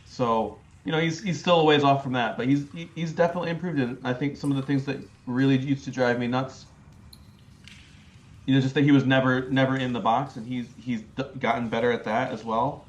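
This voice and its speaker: A man's voice: mid-range voice, fairly even intonation, fairly quick, muffled recording. Chatty man co-hosting a sports chat. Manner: chatty, hedging, many fillers and repeats. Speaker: podcast co-host.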